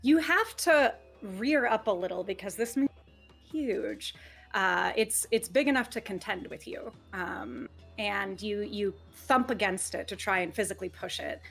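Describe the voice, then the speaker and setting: A woman's voice: medium pitch, measured pace, creaky, a bit bright, husky, faint music behind. A woman narrating as game master of a tabletop role-playing game, casual, vivid and playful.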